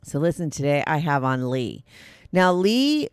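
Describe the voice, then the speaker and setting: Woman host, chatty and loose, low-pitched, dry booth sound. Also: sing-song, measured pace, clean tone, no echo. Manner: chatty, loose, with fillers and repeats. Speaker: podcast host. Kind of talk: casual chat.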